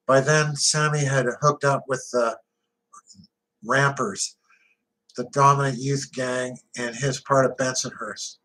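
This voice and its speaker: Slow, gritty male audiobook narrator. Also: mid-range voice, steady tone, sharp tone, poor audio. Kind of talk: first-person audiobook narration.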